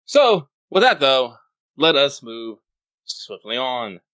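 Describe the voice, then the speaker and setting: A man's voice: medium pitch, sing-song, takes it slowly, a bit bright, no echo. A man co-hosting a podcast, reading listener mail and chatting casually, swearing and rambling as he goes. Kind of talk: casual chat.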